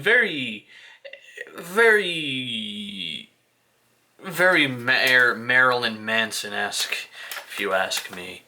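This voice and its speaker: Slow, bright-voiced man rambling playfully. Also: mid-range voice, slight background noise. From United States. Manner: rambling, self-mocking, with playful put-on voices. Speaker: vlogger showing his CD collection. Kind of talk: casual video commentary.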